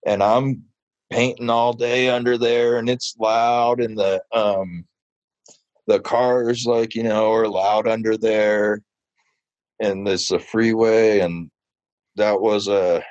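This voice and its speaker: A man being interviewed about his mural work, telling stories in a casual, animated way full of fillers. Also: lowish voice, slow, dry recording, highs cut off. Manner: animated, chatty, many fillers. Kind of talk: casual storytelling.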